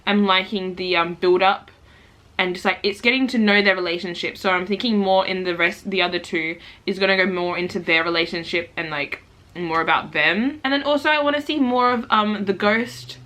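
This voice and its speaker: A young woman vlogging her reading, chatty and excitable, gasping and exclaiming as she reacts. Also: mid-range voice, moderate pace. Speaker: book vlogger. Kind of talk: casual reading vlog reactions.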